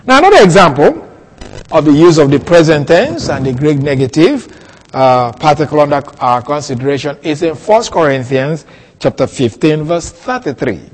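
Guy preaching, kinda high voice, slow careful teaching, lots of hall echo. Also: expressive. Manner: deliberate teaching delivery with emphatic repetition. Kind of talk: expository sermon. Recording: long reverb of a hall.

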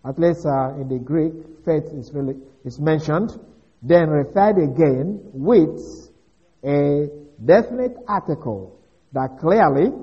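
A man giving a methodical, explanatory Bible teaching, working through a passage step by step. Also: a little high. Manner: methodical, explanatory, with occasional restarts. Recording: dull lo-fi recording.

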